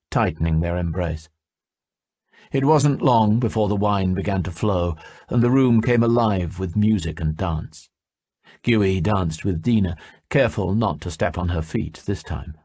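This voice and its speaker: A man narrating a fantasy audiobook in a steady storytelling manner. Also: sits low, slightly rough, dry recording, clean studio sound. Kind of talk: scripted narration.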